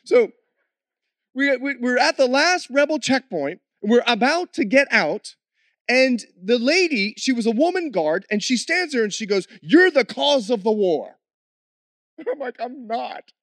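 A man, a missionary, tells his story in an animated way with frequent laughs, then slows into an earnest prayer. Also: very high voice, no echo, studio quality. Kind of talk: testimony story ending in prayer.

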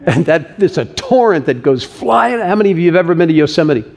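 A man with a slightly higher voice than most preaches a sermon to his congregation. He is earnest but conversational and slips in joking asides. His delivery comes from a church setting. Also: big pitch swings, fairly quick, gravelly, darkish tone. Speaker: pastor.

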